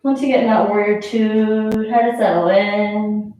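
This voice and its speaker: Her voice mid-range and dark, fairly even in intonation and measured in pace, a yoga instructor guides her class while out of breath. She counts down breaths with casual encouragement, picked up by a far-off mic in a very echoey space.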